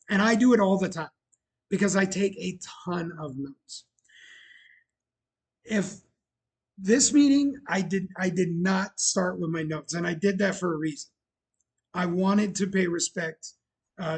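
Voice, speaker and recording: A man's voice: high voice, creaky, slightly rough. A man hosting his own livestream show, telling a rambling story in casual chat with many fillers and restarts. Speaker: bar owner and show host.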